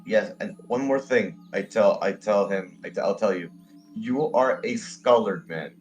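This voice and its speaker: A man playing a tabletop game, talking slowly and hesitantly with many fillers. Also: on the low side, a little mellow, highs cut off, faint music behind. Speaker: player.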